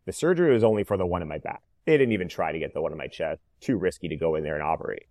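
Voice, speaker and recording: A man in his thirties, an interview guest, telling his story in a lively conversational way. He acts out the dialogue and uses "like" a lot. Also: low voice, very fast, no room sound. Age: 30s. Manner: animated, reenacts dialogue, frequent "like" fillers. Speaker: interview guest, cancer survivor.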